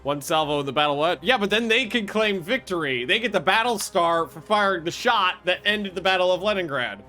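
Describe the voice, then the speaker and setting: A man narrating his strategy game session in a bright, forceful voice that sits a little high. He gets excitable, swears freely and thinks aloud in restarts and half-finished sentences, with faint music playing underneath. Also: fairly quick. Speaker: gaming video host. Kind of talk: casual strategy game commentary.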